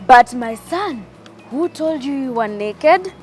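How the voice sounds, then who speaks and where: A woman voicing a gentle, fatherly God in a children's story, speaking calmly and patiently. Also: sits high, slow, soft background music. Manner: gentle, calm and questioning.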